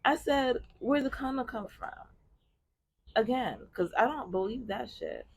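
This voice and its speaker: A woman with a husky voice tells a personal story in casual conversation. Her delivery is blunt and profane, with a lively pitch that swoops up and down. The sound is close and dry. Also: a little slow, no room sound. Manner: blunt, profane, animated retelling with bursts of laughter. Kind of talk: casual story time chat.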